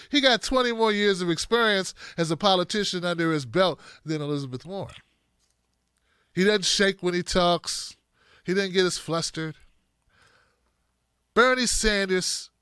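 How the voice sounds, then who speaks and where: A man hosting a political commentary livestream, animated and joking, swinging from shouts to mumbles. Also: high voice, clear, resonant tone, no room sound, studio quality. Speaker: host.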